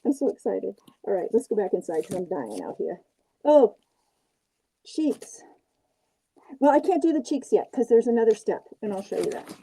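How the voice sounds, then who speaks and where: A woman's voice: medium pitch, very animated, normal speed, gravelly, long pauses, dark tone, husky, low-quality recording. An older woman hosting a crafting livestream, chatting casually and self-deprecatingly as she works on a puppet. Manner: chatty, self-deprecating, narrates her work as she goes. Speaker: puppet maker and livestream host. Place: porch outdoors, then home workshop.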